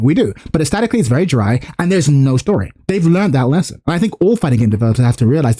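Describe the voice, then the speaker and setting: A man in excited casual chat about fighting games, swearing often and laughing a lot. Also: a little high, rapid-fire, hardly any pauses, breathy edge. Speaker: gaming commentator.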